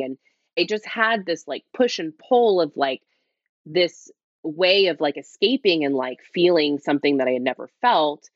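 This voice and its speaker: A woman with a low voice recounts her own story in a candid, hushed half-whisper. She rambles and restarts, leaning on "like" constantly. The audio is dull and lo-fi, with a dry, close sound. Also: animated, normal speed, no room sound. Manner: rambling, heavy use of "like", restarts. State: speaking quietly, half-whispering. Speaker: interview guest.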